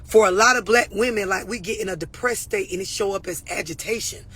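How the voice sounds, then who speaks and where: Blunt, husky-voiced woman coach. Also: medium pitch, brisk, a bit bright. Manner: blunt, profane, preachy, addressing viewers directly. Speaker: relationship and mental health coach. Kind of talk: unscripted talk to camera.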